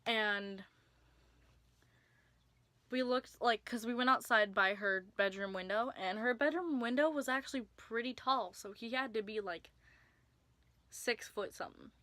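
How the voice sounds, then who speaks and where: A woman's voice: on the high side, measured pace, pushed and bright, no room sound. A young woman telling a personal story to camera in a casual vlog, chatty with lots of filler words and sudden whispers for emphasis. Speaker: vlogger.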